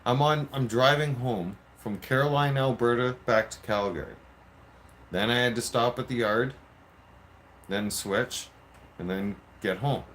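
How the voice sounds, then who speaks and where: A man's voice: medium pitch, a little slow, fairly bright tone, a little hiss or hum. A man telling a story in a casual, profane rant, full of repeated "I'm like.". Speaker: vlogger.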